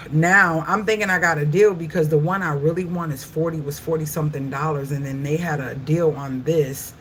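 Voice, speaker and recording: A woman's voice: sits low, a little fast, hardly any pauses, slight background noise. A middle-aged woman, venting at home in a casual chat with her viewers. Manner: exasperated, venting, animated. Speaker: vlogger.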